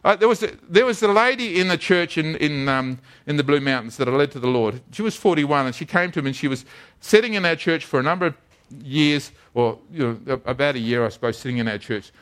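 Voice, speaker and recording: A man's voice: a little high, expressive, fast talker, fairly bright tone. A man preaching a sermon as a pastor, telling stories earnestly and often repeating his words.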